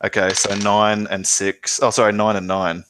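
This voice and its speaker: A man's voice: lowish voice, little pitch movement, normal speed, background noise. A man playing a tabletop game, dramatically describing his character in first person. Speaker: player.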